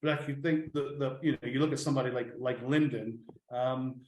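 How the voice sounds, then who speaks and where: A man's voice: mid-range voice, steady tone, fairly quick, darkish tone, echoey room, low-quality recording. A man answering podcast questions as a football club chief executive, rambling and restarting his sentences while fighting a cough that leaves him struggling to speak. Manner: rambling, repeats words and restarts often.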